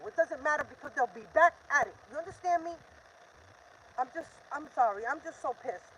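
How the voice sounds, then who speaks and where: A woman's voice: sits high, lo-fi sound, a little hiss or hum. An older woman hosting a live stream, talking in an urgent, defiant, repetitive rant. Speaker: livestream host.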